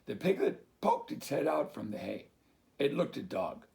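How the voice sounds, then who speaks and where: A man reading a picture book aloud to children, slow and expressive, as a teacher. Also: mid-range voice, gravelly.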